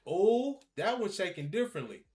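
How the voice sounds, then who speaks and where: A man giving excitable, laughing, slangy pack-opening commentary, talking to the game and cards as he goes. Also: high voice, moderate pace, soft background music. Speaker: gaming video creator.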